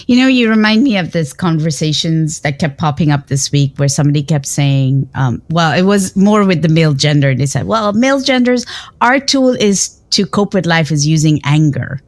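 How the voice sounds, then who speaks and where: A woman hosting a podcast, interviewing her guest and telling animated stories with frequent restarts. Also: sits low, normal speed, dry recording. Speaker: podcast host.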